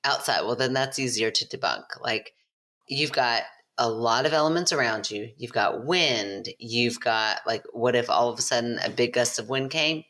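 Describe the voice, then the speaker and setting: A woman co-hosting a podcast, teasing and skeptical, quick to debunk. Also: very deep voice, fairly bright tone. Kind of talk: casual chat.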